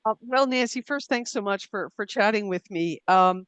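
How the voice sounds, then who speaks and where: A woman's voice: medium pitch, normal speed, fairly bright tone, clear, resonant tone, no echo. A middle-aged woman answers a host's questions thoughtfully, poking fun at herself and circling back with restarts and fillers. Her voice sits mid-range and sounds dry and close to the mic. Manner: thoughtful, self-deprecating, frequent fillers and restarts. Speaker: author and writing coach, guest. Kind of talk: conversational interview.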